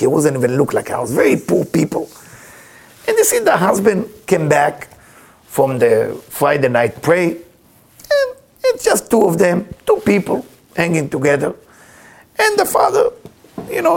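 Gravelly animated man. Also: a little high. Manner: animated, chuckling storyteller with broken English. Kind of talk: storytelling spiritual lesson.

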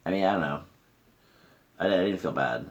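A man's voice: rumbling low, lively intonation, fairly quick, highs cut off. A man hosting a podcast, talking candidly in a casual conversation in a friend's living room, swearing freely and trailing off with fillers. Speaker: podcast host.

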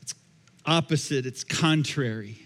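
A man's voice: fairly high pitch, a little slow, a bit bright. A man preaching a sermon as pastor, in a conversational style with repeated phrases, recorded in a church sanctuary. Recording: long echoey hall reverb.

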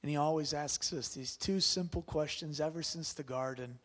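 A man with a high voice delivers a sermon. He talks to the congregation like a conversation and asks them questions. He swings between loud, excited bursts and quiet, hushed lines. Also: normal speed. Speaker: pastor.

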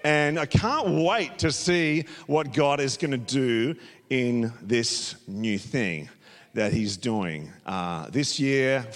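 Upbeat pastor in a reverberant church. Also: male voice, fairly high pitch, animated, slow. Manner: upbeat, chatty, lots of fillers. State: slightly hoarse. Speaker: executive pastor. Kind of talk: casual sermon. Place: church auditorium. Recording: long hall reverb.

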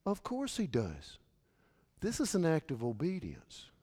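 A man pastor preaching a sermon, swinging from hushed, intimate lines to shouted, passionate ones. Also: a little high, wildly swooping pitch, unhurried, husky. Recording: long reverb of a large hall.

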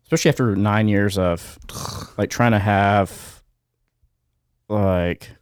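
A man co-hosting a podcast, reading out a news story in a casual, halting way, often pausing with fillers and getting choked up. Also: lowish voice, steady tone, clear, resonant tone, no echo, studio quality. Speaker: podcast co-host.

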